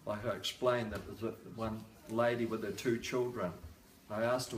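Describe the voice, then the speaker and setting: A man's voice: lowish voice, level tone, normal speed, slight background noise. An older man giving a devotional sermon at a home program, repeating phrases for emphasis and adding joking asides. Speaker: lecturer. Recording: echoey room.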